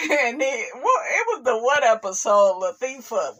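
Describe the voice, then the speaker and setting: A woman hosting a casual gossip commentary vlog. She reads viewer comments aloud and adds sassy, expressive asides, calling her audience "honey" and "child" and laughing often. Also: on the high side, slow pace, long pauses. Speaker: commentary channel host.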